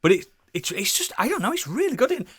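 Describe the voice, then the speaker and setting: A man's voice: very high-pitched, very animated, quick pace, fairly bright tone, husky, no echo. A British man co-hosting a casual podcast, rambling enthusiastically with lots of swearing and restarts. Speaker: podcast co-host. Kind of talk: casual chat.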